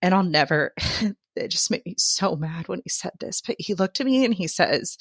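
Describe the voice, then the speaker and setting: A woman's voice: on the low side, a little fast, fairly bright tone, breathy edge, no room sound, studio quality. A woman guest on a podcast, telling her own birth story candidly and emotionally, laughing through the hard parts.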